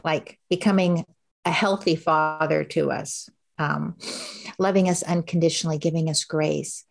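A woman's voice: low-pitched, a little slow, vocal fry. A middle-aged woman telling her story as an interview guest in a candid, conversational way, acting out the voices she quotes. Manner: animated, acts out quoted voices.

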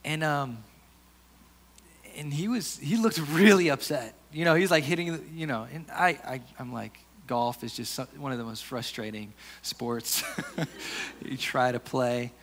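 A pastor preaching a sermon in an earnest, conversational way, often restarting his sentences and dropping to softer asides. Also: medium pitch, a little slow.

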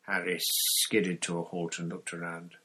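A man narrating a storybook chapter in a steady reading voice, with an occasional slip and restart. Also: sits low, unhurried, slight background noise, rough recording. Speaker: audiobook reader.

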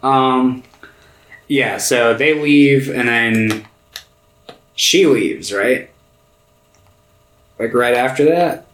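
A man's voice: mid-range voice, extremely slow, long pauses, a bit bright. A man co-hosting a podcast, casually recapping a film with lots of filler words. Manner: laid-back, filler-heavy recaps. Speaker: podcast co-host. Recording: roomy echo.

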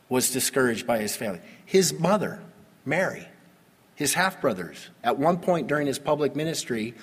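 A man with a slightly husky voice preaches a sermon, swinging between calm explanation and sudden loud, forceful emphasis. His voice rings out with a long reverb, as in a large hall. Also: mid-range voice. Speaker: pastor.

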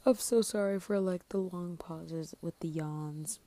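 Alone on her podcast, this sleepy young host rambles scatterbrained and pokes fun at herself, cursing offhandedly. She speaks at a measured pace in a fairly low voice against a noisy background.

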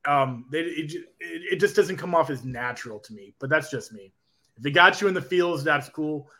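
A man's voice: a little high, animated, moderate pace, sharp tone. A man in casual chat, giving wry, critical opinions and mocking with put-on quotes.

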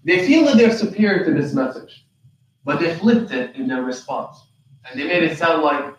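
A man's voice: a little high, very animated, brisk. A man, an imam, giving a lecture on the Qur'an, firing rhetorical questions at the audience and acting out the voices he quotes. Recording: very echoey room, mic far off.

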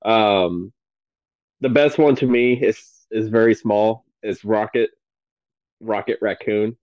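Lower-voiced man, rambling movie-fan chat. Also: steady tone, slow pace, a little mellow, no room sound, muffled recording. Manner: enthusiastic, rambling with many fillers. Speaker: podcast guest. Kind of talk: casual podcast chat.

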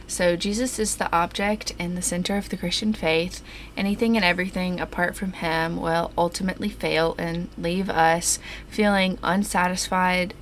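A young woman with a lower-set voice co-hosts a casual faith podcast. She gets through her prepared points in a steady, even way. A light background hiss runs under her voice. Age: young adult. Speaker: podcast co-host.

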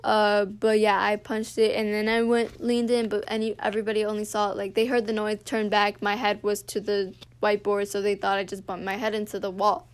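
A seventeen-year-old girl hosting a podcast, telling a school story in a casual, animated rant full of "like" and swearing. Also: mid-range voice, fairly quick, few pauses, clear, resonant tone. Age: teens. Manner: animated, heavy use of "like", swears freely. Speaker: podcast host.

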